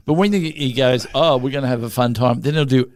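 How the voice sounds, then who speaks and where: A man's voice: medium pitch, fairly quick, no echo. A man with an Australian accent, co-hosting a casual podcast chat with wry anecdotes. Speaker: podcast co-host.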